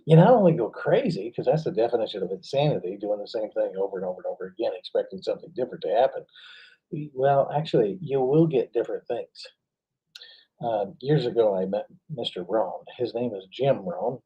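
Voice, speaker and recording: A man giving an animated motivational talk, telling stories with frequent laughs and emphatic jumps in pitch. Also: brisk, husky, highs cut off. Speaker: motivational speaker.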